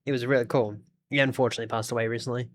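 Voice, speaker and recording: Australian man streaming a game, easygoing mid-pitched voice, rambling chat, faint hiss behind. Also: little pitch movement, racing. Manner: rambling, chatty, talks to his chat. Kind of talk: casual gaming livestream chat.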